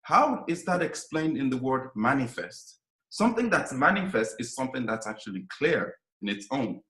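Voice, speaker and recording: A man's voice: medium pitch, big pitch swings, moderate pace, pushed and bright, reverberant, low-quality recording. A man teaching Quranic Arabic in a lecture, explaining step by step and often checking in with "right?". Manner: explanatory, frequent "right?" check-ins, emphatic.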